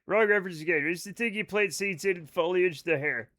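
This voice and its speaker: Excitable high-voiced man, swearing freely. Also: a little fast. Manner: excitable, swears a lot, rambling asides. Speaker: livestreamer playing a space game. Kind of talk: casual chat with stream viewers. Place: home at night.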